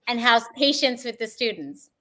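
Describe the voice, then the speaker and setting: A woman's voice: a little high, lively intonation, normal speed, a bit bright. A woman hosting a podcast, asking a guest short follow-up questions in an encouraging way. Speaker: podcast host. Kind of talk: interviewing a guest.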